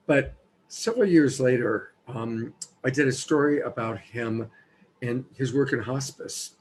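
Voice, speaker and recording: A man's voice: medium pitch, slight background noise, low-quality recording. A male host telling a personal story in a reflective, conversational way. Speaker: show host. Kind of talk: storytelling chat.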